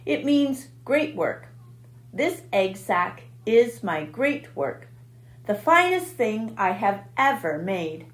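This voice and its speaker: A woman voicing a wise, weary female spider who speaks quietly and gently in a storybook reading. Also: mid-range voice, very animated, slow, echoey room. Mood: gentle. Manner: quiet and gentle, weak-voiced.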